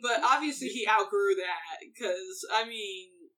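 A woman's voice: mid-range voice, unhurried, a bit bright. A young married woman in casual chat among friends, easygoing and explaining things, laughing often.

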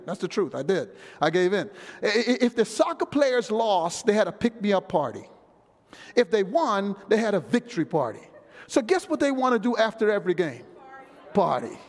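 A middle-aged man preaching a sermon as pastor, animated, dropping into low asides and rising to shouts. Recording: reverberant hall.

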